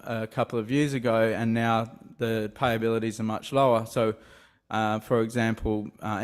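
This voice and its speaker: A man's voice: medium pitch, clean tone. A man giving an investor presentation, talking with many fillers and restarts. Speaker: company presenter.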